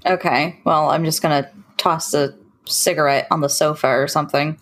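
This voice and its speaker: A woman taking part as a player in a tabletop game, talking in a slow, easygoing way. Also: low voice, fairly even intonation, poor audio. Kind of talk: casual tabletop play.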